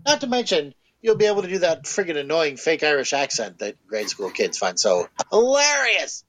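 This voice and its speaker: A man's voice: on the high side, sing-song, moderate pace, fairly bright tone. A man co-hosting a podcast, chatting casually about tabletop game spells with sardonic, mocking quips. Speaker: podcast co-host.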